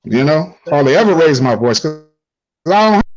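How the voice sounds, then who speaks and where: Earnest man with a lively voice. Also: fairly high pitch, normal speed, highs cut off. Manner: earnest, repeating himself, filler-heavy. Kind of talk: casual podcast conversation.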